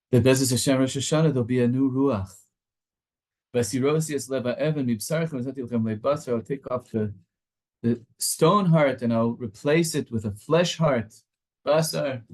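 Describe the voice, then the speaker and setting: A man teaching a Torah class with passion, moving back and forth between Hebrew and English. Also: mid-range voice.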